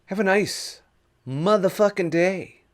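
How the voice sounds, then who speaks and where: A man's voice: high voice, takes it slowly, very noisy. A man ranting on his vlog, swearing heavily, heated and sarcastic, talking into a camera mic. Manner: profane, heated ranting with mocking mimicry. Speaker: vlogger.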